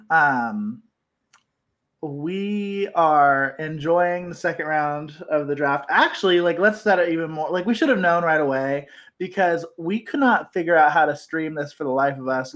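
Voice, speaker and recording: A chatty man co-hosting a casual sports podcast, with a somewhat high voice. He tells stories loosely and laughs often. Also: a little slow, fairly bright tone. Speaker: podcast co-host.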